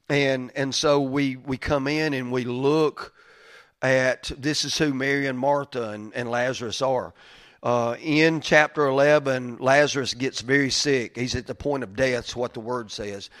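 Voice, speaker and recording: A man delivers a sermon at a middle pitch, talking in a homey, conversational way. He sounds a little stuffed up from crying, and he keeps pushing into louder, more emphatic passages. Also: normal speed. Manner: folksy and conversational, building to loud emphatic stretches. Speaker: pastor.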